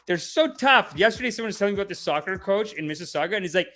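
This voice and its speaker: An animated man hosting a comedy livestream, talking in loose, slangy rambles and laughing often. His pitch swings widely and his tone is bright and forceful. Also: racing, faint music behind. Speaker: podcast host. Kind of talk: casual comedy livestream chat.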